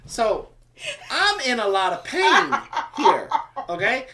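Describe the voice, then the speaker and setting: A man telling a funny story in a casual livestream chat, animated and self-mocking. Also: very high-pitched, slow pace. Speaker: homestead livestream co-host.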